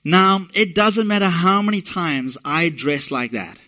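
A man's voice: high voice, lively intonation, measured pace, pushed and bright. A middle-aged man from England preaching a sermon, talking conversationally with asides to the congregation. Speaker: pastor.

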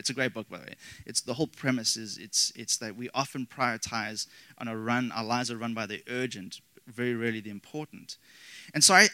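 A man's voice: medium pitch, bright, forceful tone, no room sound, poor audio. A man preaching a sermon as pastor, earnest with rising emphasis and casual asides.

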